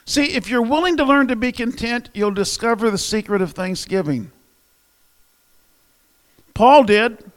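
Speaking at an extremely high pitch, a male preacher moves at a measured pace with long pauses while a lengthy reverb hangs in the space. His sermon is chatty and funny, and he keeps polling the congregation.

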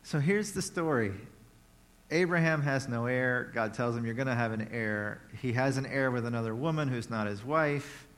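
A male preacher retells a scripture story in an easygoing, conversational way. He slips in playful asides as he goes. His voice sits at a medium pitch. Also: normal speed, a bit bright. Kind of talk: sermon.

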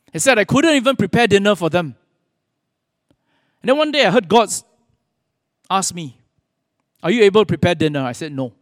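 A man preaching a sermon in an earnest manner, pausing often and quoting scripture. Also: high voice, no echo, studio quality, big-room sound. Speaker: pastor.

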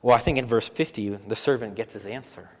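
A man preaching a sermon as pastor, animated and full of rhetorical questions, often repeating phrases for emphasis. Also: fairly low pitch, a little fast, long reverb tail.

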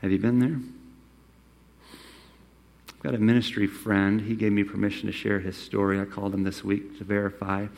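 A man preaching a sermon, acting out quoted lines and swinging between loud, emphatic phrases and hushed ones. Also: lowish voice, flat delivery, normal speed, creaky, pauses often. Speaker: pastor.

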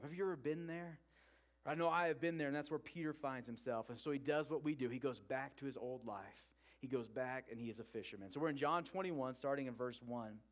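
A man preaching a sermon, retelling a story with acted-out quotes in an earnest way. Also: medium pitch.

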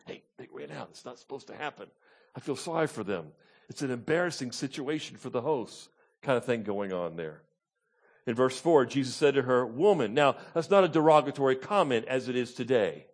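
A man, preaching an informal sermon to his congregation. His voice sits at an ordinary middle pitch. He teaches verse by verse and keeps asking "Okay?" and "Amen?" to check the room is with him. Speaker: pastor. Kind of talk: conversational sermon, Bible teaching.

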